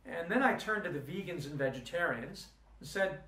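A man's voice: on the high side, animated, normal speed, sharp tone. A man giving a recorded lecture, telling a personal story and arguing his point earnestly with rhetorical questions. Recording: roomy room, distant mic.

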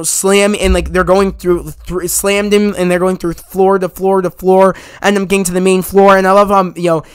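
A man's voice: sits high, clear, resonant tone, dry recording. A man giving a casual spoken movie review, retelling scenes in a rambling, emphatic way with lots of fillers and the odd swear word.

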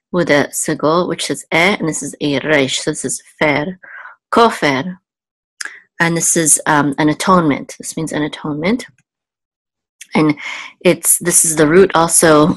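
Patient female language teacher, low voice, dry close sound, sounds out syllables slowly. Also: no room sound. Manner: patient, spells out sounds slowly, thinks aloud with ums. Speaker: Hebrew teacher. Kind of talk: casual step-by-step lesson.

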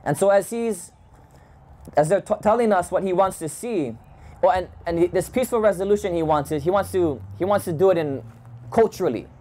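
Man from Hawaii, fairly high voice, slow measured storyteller. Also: a little mellow. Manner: measured, thoughtful storytelling with restarts. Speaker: community leader. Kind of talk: storytelling talk. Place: home gathering, indoors.

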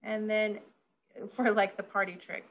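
A bubbly, chatty woman caterer talks viewers through a demonstration, giggling often. Her voice sits at an ordinary middle pitch. The sound is slightly muffled, like online call audio. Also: flat delivery, unhurried. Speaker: caterer leading a workshop. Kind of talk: casual hands-on demonstration.

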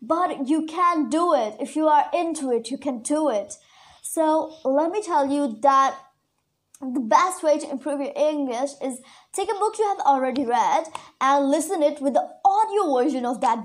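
Woman teacher w/ a high voice, slow and chatty, urdu is her first language, says words over again for learners. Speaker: English teacher. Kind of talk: casual online lesson.

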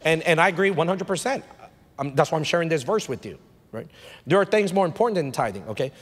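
Pastor preaching in a reverberant church hall. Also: male voice, fairly high pitch, lively intonation, fast. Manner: conversational preaching, rising to emphatic bursts. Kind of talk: sermon. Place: church sanctuary.

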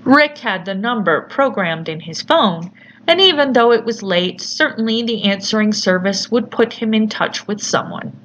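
A woman narrating a horror story in a measured, deliberate storytelling manner. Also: mid-range voice, animated, fairly bright tone. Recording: slightly muffled with faint hiss.

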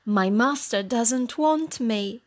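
A woman's voice: fairly high pitch, takes it slowly. A woman doing a kind old donkey. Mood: friendly.

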